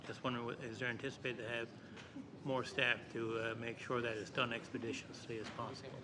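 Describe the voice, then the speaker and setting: A man's voice: mid-range voice, little pitch movement, quick pace, noisy background. A man, a member asking a hesitant question in committee. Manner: hesitant, searching for words.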